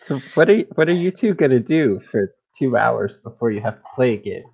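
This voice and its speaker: A man's voice: medium pitch, animated, fairly quick, gravelly, a little hiss or hum. A man hosting a game stream, chatting casually and laughing often. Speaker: stream host. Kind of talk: casual chat. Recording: slightly dull mic.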